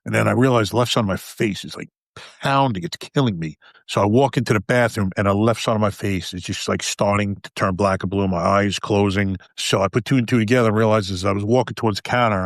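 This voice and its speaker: Blunt, low-voiced man telling his story. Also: gravelly, no room sound. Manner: blunt, profane, emotional. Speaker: podcast guest, retired police officer. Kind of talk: candid conversational storytelling.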